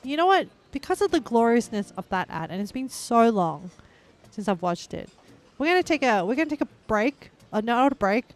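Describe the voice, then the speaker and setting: A woman's voice: on the high side, normal speed. A young adult woman live-streaming a game, chatting casually and rambling with lots of filler words. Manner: bursts into excited squeals and laughs.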